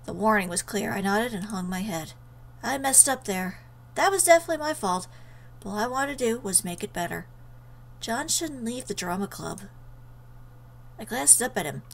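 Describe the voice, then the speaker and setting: A woman's voice: medium pitch, animated, normal speed, gravelly, low-quality recording. A woman reading a visual novel aloud in an earnest way, breaking off for emotional asides. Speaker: let's player.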